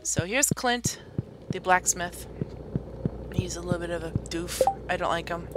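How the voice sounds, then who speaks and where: A woman game streamer with a lowish voice gives casual gameplay commentary at a measured pace over loud game music. She's chatty, thinking aloud and correcting herself as she goes.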